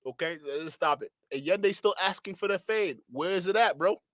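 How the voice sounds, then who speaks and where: A man streaming a casual reaction commentary, talking back to clips with sarcastic, animated asides. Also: high voice, moderate pace, no echo.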